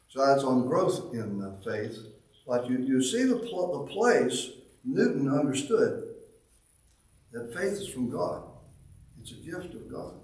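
Male pastor, mid-range voice, emphatic sermon delivery with hushed asides, far off in a reverberant sanctuary. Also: mid-range voice, big pitch swings. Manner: preaching with loud rising emphasis and quick asides. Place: church sanctuary. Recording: echoey church from a distant mic.

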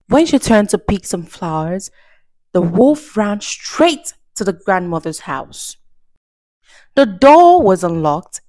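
A woman reading a children's story aloud as a storyteller, slow and expressive with playful asides. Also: mid-range voice. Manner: slow, expressive and warmly animated.

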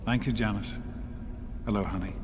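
A man's voice: on the low side, steady tone, normal speed, slight background noise, natural voice. An actor playing a caring, determined scientist father in a video game, speaking earnestly. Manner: earnest, gently urgent.

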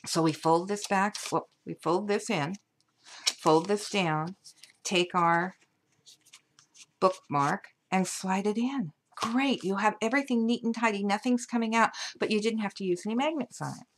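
A woman's voice: mid-range voice, moderate pace, a little hiss or hum. A woman showing off a handmade paper album, chatty and gushing over the materials as she walks through each page. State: hiccups. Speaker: paper craft designer. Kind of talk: craft show-and-tell tutorial.

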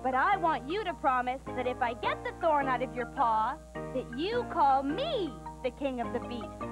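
A woman doing a teeny, cheeky storybook mouse who won't back down. The voice is very high and springy, bouncing around in pitch. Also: big pitch swings, normal speed, over music, rough recording. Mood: bold. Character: small brave male mouse, bold and sassy.

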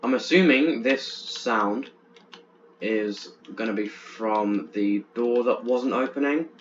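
A young man doing let's-play commentary on a horror game, chatty and easily excited, tripping over his words in bursts. His pitch sits in an average range. The recording is dull and lo-fi, with a faint hiss under it. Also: slow pace. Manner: chatty, jumpy, stammers when excited. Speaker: gaming channel host.

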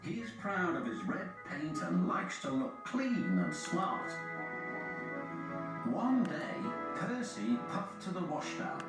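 A man narrating a children's railway story in a lively, sing-song storybook manner. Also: high voice, slow pace. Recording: very echoey with music behind.

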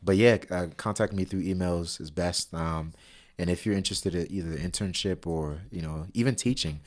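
A man talking as a podcast guest in a relaxed, casual way, with lots of fillers. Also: low-pitched. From Sierra Leone. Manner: relaxed, filler-heavy, spells things out slowly. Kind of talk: casual interview talk.

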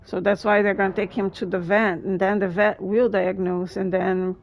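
A woman's voice: medium pitch, little pitch movement, normal speed, muffled recording. A woman streamer chatting with her viewers as she plays a video game, exclaiming often and laughing between remarks. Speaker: gaming streamer. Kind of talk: live gameplay commentary with chat.

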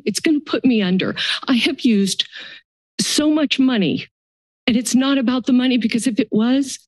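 A woman's voice: a little high, dry recording. An older woman, a grandmother and homeowner, giving emotional public comment at a county board meeting, her voice shaky. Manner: emotional, pleading, halting.

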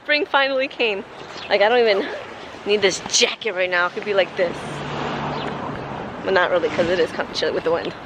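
A woman's voice: mid-range voice, fairly quick, pauses often, noisy background. A young woman from New York filming a casual family vlog, teasing and laughing often as she talks to her kids and friends. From Queens, New York. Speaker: vlogger, mother.

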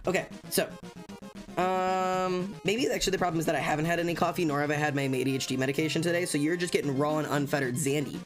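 A streamer in casual livestream chat, talking fast and excitably with frequent stammers and restarts. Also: mid-range voice, over music.

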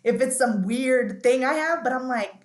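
A woman's voice: sits high, moderate pace, reverberant. A woman guest on an interview podcast, telling stories in a chatty, candid way, often restarting and saying "like".

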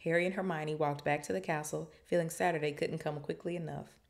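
A woman podcast host reading a novel aloud and breaking off for chatty, animated asides. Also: sits low, brisk, creaky. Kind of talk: reading aloud with casual commentary.

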